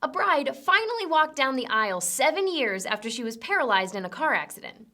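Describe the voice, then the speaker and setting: A woman's voice: sits high, very animated, brisk, pushed and bright. A young woman hosting a comedic news rundown, delivering sarcastic punchy jokes. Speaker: host.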